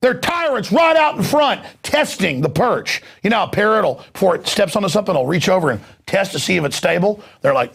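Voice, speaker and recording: A male talk show host delivering an angry, heated political rant, mocking and shouting at times. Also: high-pitched, big pitch swings, a little fast, creaky, hardly any pauses, husky.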